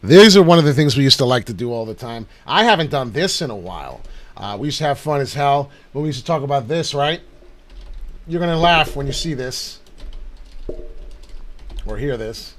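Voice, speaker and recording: A man's voice: medium pitch, animated, normal speed, long pauses. A man hosting a casual livestream about crypto markets, boisterous and hyped, swearing freely and breaking into chants.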